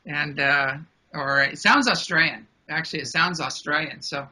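Male interview guest, bright cutting tone, slightly high, chatty and animated. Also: normal speed, poor audio. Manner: animated, laughs often, many fillers. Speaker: guest, ranch founder. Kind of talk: casual interview talk.

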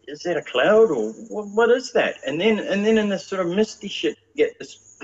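A man's voice: on the high side, slightly rough, highs cut off. A man, chatting casually as a guest with a rambling manner and lots of fillers. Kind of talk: casual chat.

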